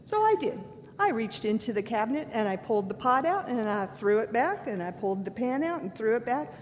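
A woman's voice: big pitch swings, brisk. An older woman giving a sermon, earnest and candid, mixing scripture with self-deprecating stories from her own life. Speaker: preacher. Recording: long hall reverb, faint rumble.

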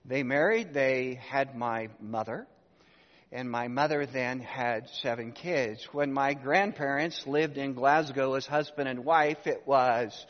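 A man's voice: mid-range voice, takes it slowly. A man in his sixties, a pastor preaching a sermon, telling a family story and putting rhetorical questions to the congregation. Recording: dull sound with long hall reverb.

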